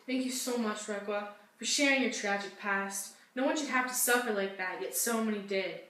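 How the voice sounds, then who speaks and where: A woman's voice: medium pitch, normal speed, fairly bright tone, natural voice. Young woman playing a gushing talk-show hostess. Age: young adult. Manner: gushing, sympathetic interviewer. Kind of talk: school-project talk-show role-play. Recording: echoey room, distant mic, faint hum.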